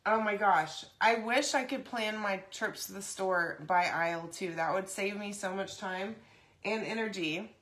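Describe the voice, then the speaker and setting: A woman hosting a casual craft video, chatty and rambling, often saying "y'all" and "okay?", her throat dry and clearing often. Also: mid-range voice, a little slow, fairly bright tone. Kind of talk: casual craft demo chat.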